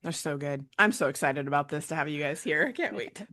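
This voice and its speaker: A woman coach leading a panel conversation, telling a personal story in a lively way with lots of fillers. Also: low-pitched, fairly quick. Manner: animated storytelling with many fillers and laughs. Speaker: burnout prevention coach, panel moderator. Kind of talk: casual panel chat.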